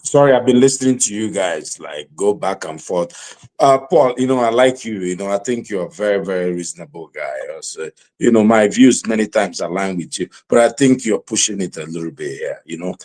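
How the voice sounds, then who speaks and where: A man hosting a panel debate, speaking haltingly with many fillers before arguing firmly. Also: low voice, expressive. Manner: halting, many fillers, then forceful argument. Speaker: talk show host.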